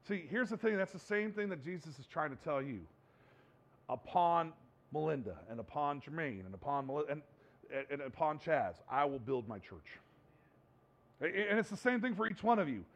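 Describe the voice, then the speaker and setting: A man's voice: a little high, expressive, brisk, vocal fry, highs cut off. A man as pastor, preaching a casual, conversational sermon that builds to emphatic points.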